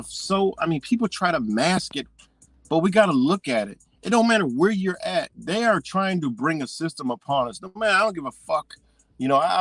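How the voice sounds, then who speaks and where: A man in a heated, rambling live-stream rant, his talk full of swearing. His voice sits fairly high for a man. The sound is close and dry, with no room echo. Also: fairly bright tone.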